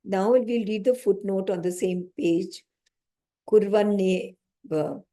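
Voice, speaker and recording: Mellow-voiced woman teaching scripture. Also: mid-range voice. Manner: explains slowly, repeats key phrases, asks the audience questions. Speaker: spiritual teacher. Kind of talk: lecture on scripture.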